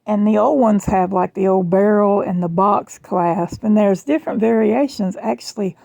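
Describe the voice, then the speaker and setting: Middle-aged Southern woman, talkative and self-mocking, strained rough voice, dry sound. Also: mid-range voice, moderate pace, dark tone, dry recording. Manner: chatty, rambling, self-deprecating. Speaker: jewelry vlogger. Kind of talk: casual chat. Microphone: phone camera.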